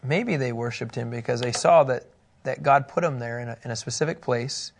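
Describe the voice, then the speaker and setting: A man teaching a casual Bible lesson in an animated way, often laughing. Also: medium pitch, fairly quick, gravelly, slight background noise. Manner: animated, laughing, acting out scripture quotes.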